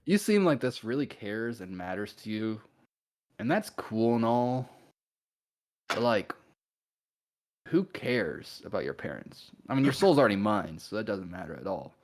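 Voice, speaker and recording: Punk demon dad, booming and laid-back , as the man running the game does him. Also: big pitch swings, measured pace, long pauses, a little mellow. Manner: booming, then casually dismissive.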